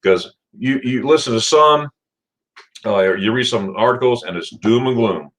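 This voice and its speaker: A middle-aged man from Florida hosting a casual livestream, chatting and greeting viewers by name with sudden excited jumps in pitch. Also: unhurried. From Florida, USA. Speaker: livestream host. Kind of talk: casual livestream chat reading viewer comments.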